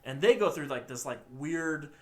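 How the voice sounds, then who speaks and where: A young man co-hosting a podcast, retelling a film's plot in a rambling, animated way and acting out the characters' lines. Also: on the high side, moderate pace. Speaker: podcast co-host. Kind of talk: casual movie recap.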